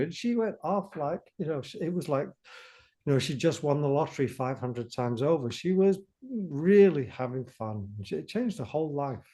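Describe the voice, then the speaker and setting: A coach in casual conversation recounts a client session with enthusiasm. The voice is husky and mellow, with a slight rasp at a middle pitch. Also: animated, moderate pace. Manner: enthusiastic, retells an exchange with a client. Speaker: intuition coach.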